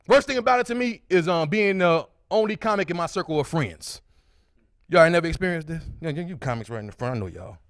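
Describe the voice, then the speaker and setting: A man in his forties doing a stand-up comedy set on a club stage into a handheld mic, with loud, high-pitched impressions of his friends. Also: animated, fast, dry recording, clean studio sound. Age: 40s.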